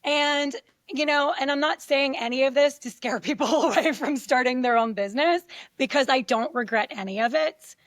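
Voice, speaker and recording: A woman's voice: high voice, moderate pace, no echo, clean studio sound. A middle-aged woman, a podcast guest, telling her story candidly and acting out quoted voices as she goes. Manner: animated, acts out quoted voices.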